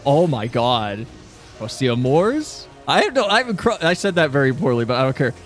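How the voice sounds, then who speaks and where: A man's voice: medium pitch, big pitch swings, quick pace, a bit bright, soft background music. A man streaming a game, reacting casually, joking, laughing and swearing.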